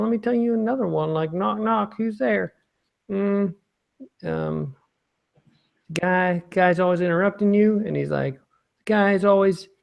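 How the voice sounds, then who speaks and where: A man reading out a letter in the voice of an earnest, worried male writer from the Deep South, rambling loudly and insistently. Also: gravelly, full character voice. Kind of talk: mock press conference letter reading.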